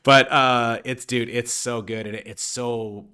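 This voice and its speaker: A man's voice: mid-range voice, fairly even intonation, a little slow, sharp tone, smooth. A man hosting a casual interview, laid-back and chummy, trailing off as he reads questions. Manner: laid-back and chummy, drifts off when reading. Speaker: interview host. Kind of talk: casual chat.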